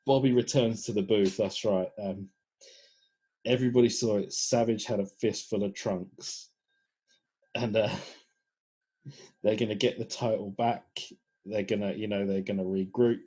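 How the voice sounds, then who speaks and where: A man co-hosting a podcast in casual chat, recapping events in a relaxed way with plenty of hesitations. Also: lowish voice, unhurried, long pauses, slightly rough. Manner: relaxed recapping with many uh and um fillers. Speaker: podcast co-host.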